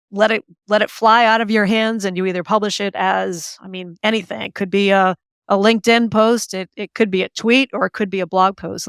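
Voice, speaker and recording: A woman author as an interview guest, talking in an animated, chatty way with many fillers and restarts. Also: medium pitch, clear, resonant tone, no echo. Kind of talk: conversational interview.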